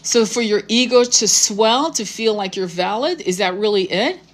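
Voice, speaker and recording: A woman's voice: medium pitch, moderate pace. A woman tarot reader talking to camera in a casual monologue, blunt and confrontational, swearing freely and using spiritual vocabulary.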